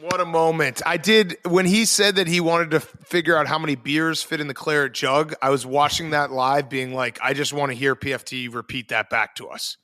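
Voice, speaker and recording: A man hosting a sports podcast in casual chat, excitable, swearing and jumping between quick asides. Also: on the high side, no room sound. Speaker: podcast host.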